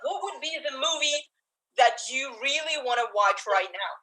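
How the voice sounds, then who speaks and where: Woman improv host, fairly high, bright tone, chatty upbeat audience talk, video call mic. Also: lively intonation, moderate pace, low-quality recording. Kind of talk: live online show hosting.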